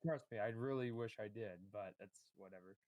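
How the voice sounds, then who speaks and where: A man's voice: lowish voice, a little fast, no room sound, highs cut off. A man playing a tabletop game, joking around and checking his numbers with the game master. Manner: joking, easygoing. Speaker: player. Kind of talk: casual game chat.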